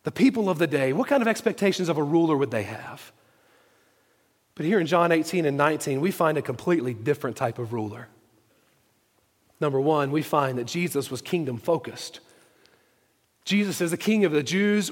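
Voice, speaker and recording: A man's voice: high-pitched, brisk, big-room sound. A man preaching a sermon, emphatic, repeating key phrases for stress. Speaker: pastor.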